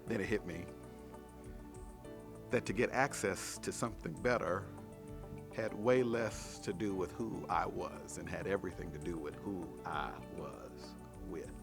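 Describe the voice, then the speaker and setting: Pastor guy doing a daily devo, animated storytelling, mid voice, faint music under. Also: mid-range voice. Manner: lively storytelling, preachy emphasis. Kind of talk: devotional sermon.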